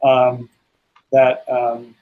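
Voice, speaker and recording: A man's voice: medium pitch, monotone, drawn-out words, phone-quality sound. Male player at the table, casual, quizzes the game master on rules. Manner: asks pointed rules questions.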